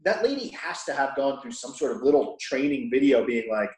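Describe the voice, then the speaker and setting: A man's voice: medium pitch, animated, brisk, a little mellow, echoey room. A man co-hosting a casual podcast who reacts to his friend's stories with wry, sarcastic comments. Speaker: podcast co-host. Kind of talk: casual chat.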